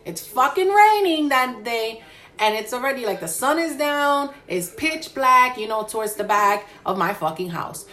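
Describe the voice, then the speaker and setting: A woman in her thirties casually telling a spooky personal story with lots of profanity and animated asides. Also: fairly high pitch, normal speed.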